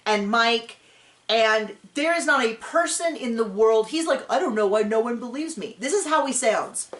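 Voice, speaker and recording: Chatty high-voiced woman host, roomy. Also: moderate pace. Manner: animated storyteller, frequent "like". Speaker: podcast host. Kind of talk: casual recap chat. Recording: roomy echo.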